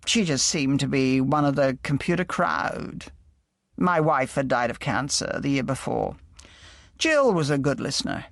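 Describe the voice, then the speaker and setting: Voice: mid-range voice, gravelly, a bit bright, no echo, studio quality, exaggerated voice. A reader voicing a weary, resigned man in his early forties in an audiobook. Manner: tired, resigned.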